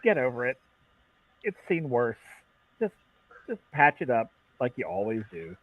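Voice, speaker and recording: A man voicing a calm female ship captain who talks in a brisk, unbothered way. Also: medium pitch, lightly acted. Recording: dull dry lo-fi mic.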